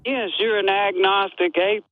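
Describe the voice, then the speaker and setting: A man calling in to a show, halting and restarting his sentences as he argues. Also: high voice, steady tone. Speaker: caller. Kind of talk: call-in debate. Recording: thin phone-line audio.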